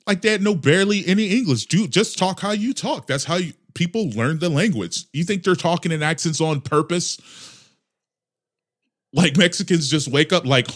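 A man riffs through a comedic podcast monologue, his voice jumping from loud exclamations to low mutters. He talks casually and swears freely, keeping an animated, restless energy. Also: moderate pace. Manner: animated, profane ranting with mock voices. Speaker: podcast host.

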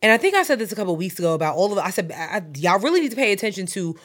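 A woman's voice: medium pitch, very animated, very fast, a bit bright. A young adult woman podcast co-host, making her point emphatically in casual chat. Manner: emphatic, opinionated explaining.

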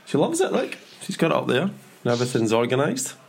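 A man's voice: mid-range voice, very animated, quick pace, vocal fry, slightly rough. A middle-aged man, hosting a casual podcast chat in a jokey, rambling way with plenty of fillers. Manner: chatty, jokey, trails off with fillers. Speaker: podcast host.

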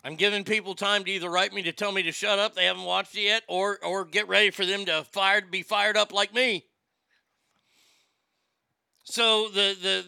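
A man's voice: high-pitched, gravelly, sharp tone, clean tone, dry recording, studio quality. A man hosting a live stream, chatting casually, ranting with profanity and reading viewer comments aloud.

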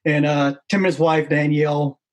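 A man's voice: on the high side, flat delivery, moderate pace. A man in casual chat, easygoing and self-deprecating.

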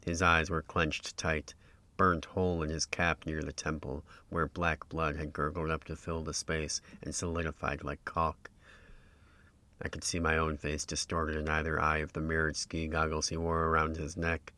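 A man narrates a first-person tale in a very low voice that stays level and unhurried. His tone is bright and clear on top of that depth, with measured, literary phrasing throughout. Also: completely flat delivery, no echo. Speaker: storyteller.

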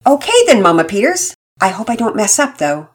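A woman's voice: mid-range voice, sing-song, fairly quick, breathy edge, pitched above the performer's own voice. Woman doing a hesitant, unsure young boy.

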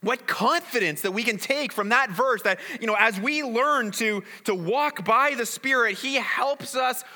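Conversational man preaching, bright voice. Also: extremely high pitch, moderate pace, hardly any pauses. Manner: conversational, repeats words, asks the audience "right?". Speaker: pastor. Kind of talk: sermon. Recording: reverberant hall.

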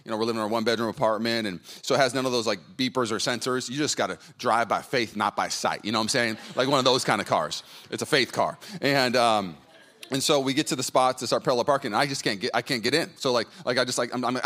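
A man's voice: mid-range voice, quick pace, sharp tone. A man in his thirties preaching a sermon to a congregation in a church, chatty and anecdotal, with many fillers and restarts. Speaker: pastor. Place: church hall before a congregation.

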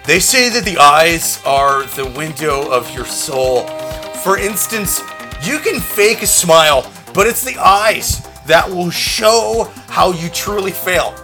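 A man voicing an earnest, awkward man who slowly recites a clumsy pickup line. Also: high-pitched, animated, over music, full character voice.

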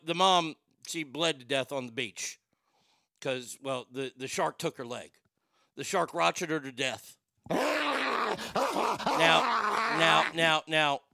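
A man in his fifties runs a radio talk show, riffing loudly and joking through his stories. His voice sits high and sounds smooth and clear. The sound is dry, with faint music underneath. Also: no room sound. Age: 50s. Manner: loud, joking, rambling storyteller.

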